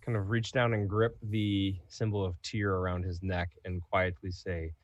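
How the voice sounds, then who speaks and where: A man's voice: lowish voice, steady tone, moderate pace, no echo, highs cut off. A man playing a tabletop role-playing game, describing his character's moves and checking rules. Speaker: player.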